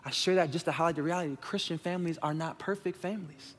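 A man's voice: on the high side, fast talker. A man in his thirties preaching a candid, conversational sermon to his congregation, speaking straight to them as "y'all" from a stage microphone in a church sanctuary. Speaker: pastor. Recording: long reverb of a large hall.

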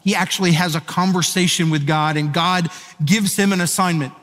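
A man preaching a sermon, chatty and storytelling, pausing to question his listeners. His voice sits a little high, and it rings out with a long hall reverb. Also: fairly even intonation, fairly bright tone. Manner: conversational storytelling, asks the audience questions. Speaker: pastor. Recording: echoey hall.

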